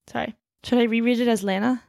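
A woman reading a translated story aloud at a steady pace, breaking off now and then to chat casually. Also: a little high, quick pace, creaky, dry recording, studio quality. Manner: reads steadily, then chats loosely with fillers and laughs. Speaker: reader of a story.

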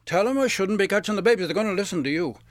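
A man's voice: high-pitched, expressive, racing, no echo, clean studio sound. A man doing a folksy Newfoundland fisherman. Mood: earnest. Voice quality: blunt, folksy, calls everyone boy. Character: gruff friendly older male Newfoundland fisherman. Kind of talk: live storytelling performance.

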